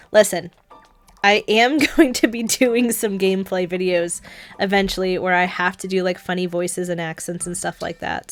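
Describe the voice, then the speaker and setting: Chatty young woman playing a game. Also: medium pitch. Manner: chatty, giggly, thinking aloud. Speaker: gameplay streamer. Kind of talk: casual gameplay commentary.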